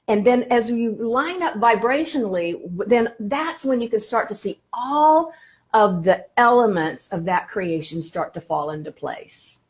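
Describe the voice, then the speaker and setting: A woman teaching about the law of attraction on a live stream, encouraging and warm in her phrasing, greeting viewers by name between points. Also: fairly high pitch, expressive, unhurried.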